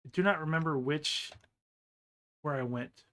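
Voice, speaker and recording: Bright-voiced man narrating his gameplay. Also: a little high, a little slow, slight background noise. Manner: rambling, offhand. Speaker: game streamer. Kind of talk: casual gameplay commentary.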